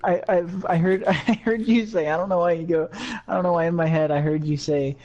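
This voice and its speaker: An easy-going man co-hosts a gaming chat, goofing around and giggling. His voice is slightly high for a man. The sound is a little dull and lo-fi. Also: fairly quick, darkish tone. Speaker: podcast co-host.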